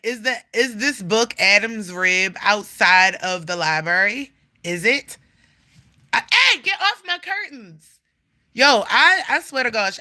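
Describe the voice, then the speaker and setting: A woman's voice: mid-range voice, sharp tone. A woman chatting casually on a livestream, rambling, swearing freely and scolding her cat. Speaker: livestream host.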